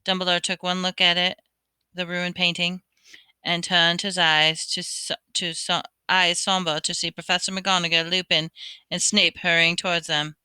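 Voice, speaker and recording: A woman reads a novel aloud, sometimes tripping over words and starting them again. Her voice sits a little low, very bright and smooth. The sound is dry and close. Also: little pitch movement, normal speed, no room sound. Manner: stumbles and restarts words. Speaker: reader.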